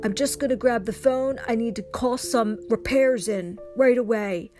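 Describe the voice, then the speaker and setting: A woman voicing a brave male ice cream shop owner in a children's story, speaking loudly and boldly. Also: on the high side, moderate pace, music in the background, natural voice. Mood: generous.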